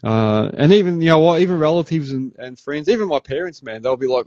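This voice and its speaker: Laid-back Australian man, mellow muffled voice. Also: fairly high pitch, lively intonation, fast, few pauses, no echo. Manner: laid-back, says "man" often, acts out customers. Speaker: podcast host. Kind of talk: casual podcast chat.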